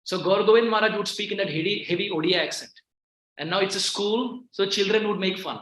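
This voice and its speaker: Male preacher, sermon delivery, hushed then emphatic, bright ringing tone, roomy temple echo. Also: high-pitched, fast, slight background noise. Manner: earnest, repeats key phrases, swings from hushed to emphatic. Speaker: visiting devotional speaker. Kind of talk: devotional sermon. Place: temple hall. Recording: echoey temple hall.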